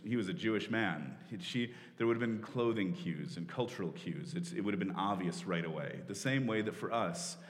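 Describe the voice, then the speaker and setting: A male pastor preaching a sermon in a conversational, explanatory way, often saying "like" and restarting his sentences. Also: low-pitched. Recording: long reverb of a large hall.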